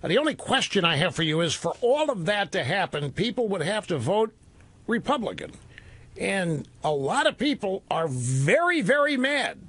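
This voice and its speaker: A man in his sixties hosts a call-in radio talk show, speaking at a normal speed in an emphatic, opinionated, animated way with sweeping pitch swings. He's on a studio microphone, and the sound is dry and close with no echo.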